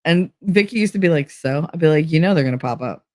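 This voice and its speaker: A woman's voice: low-pitched, fast, no room sound. A middle-aged woman hosting a podcast, telling casual stories with lots of swearing and laughter. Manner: profane, animated, laughs through stories. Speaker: podcast host. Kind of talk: casual storytelling monologue.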